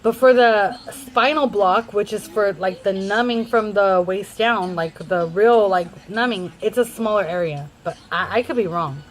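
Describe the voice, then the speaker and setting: A woman's voice: medium pitch, unhurried, hardly any pauses, low-quality recording. A young adult woman vlogger rambling through a casual storytime in a chatty way.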